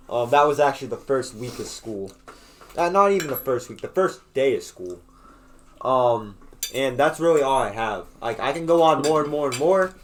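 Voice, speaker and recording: A young man on a podcast, telling a rambling school story in casual chat, swearing freely and full of fillers and restarts. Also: medium pitch. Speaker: podcast co-host.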